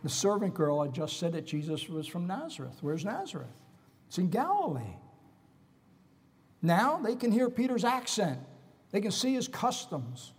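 A man preaching a sermon dramatically, swinging between loud emphasis and hushed whispers. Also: high-pitched, very animated, normal speed, breathy edge, long reverb tail.

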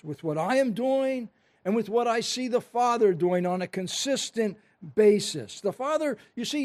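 Male pastor, high voice, earnest and emphatic sermon delivery. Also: a little mellow. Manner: earnest, emphatic preaching with scripture reading.

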